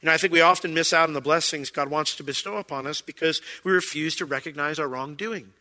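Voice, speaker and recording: Male pastor, conversational sermon, somewhat high, very bright forceful tone. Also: quick pace, long reverb tail. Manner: conversational, acts out quoted voices.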